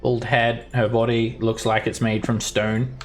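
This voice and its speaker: A man's voice: medium pitch, flat delivery, unhurried, faint music behind. A man narrating a tabletop game as dungeon master, describing the scene in a loose, descriptive way.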